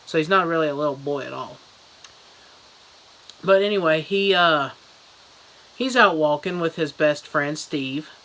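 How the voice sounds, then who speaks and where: A man's voice: on the high side, measured pace, pauses often, pushed and bright, rough recording. A man giving a goofy, rambling mock book review as a comedy vlogger.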